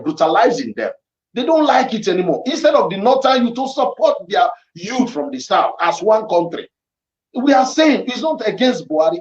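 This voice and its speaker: A man from Edo State with a Nigerian accent, giving emphatic, repetitive political commentary as a guest. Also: sits high. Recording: echoey, dull lo-fi sound.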